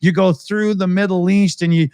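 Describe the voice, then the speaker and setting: A man's voice: high voice, steady tone, moderate pace, a little mellow, clear, resonant tone, dry recording, studio quality. A Canadian man co-hosting a casual online chat show, rambling and joking with frequent laughs. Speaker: podcast co-host.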